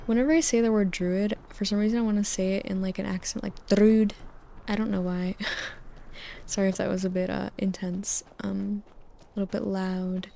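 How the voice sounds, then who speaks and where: A young woman rambling softly for a sleep-aid gaming video, drifting from topic to topic and often sliding into a whisper, close on a desktop microphone. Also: mid-range voice, gravelly, a little hiss or hum. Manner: rambling and tangential, many "like"s, drifting into soft whispers. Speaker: gaming channel host. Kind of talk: soft-spoken sleep-aid rambling over gameplay. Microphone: desktop USB mic.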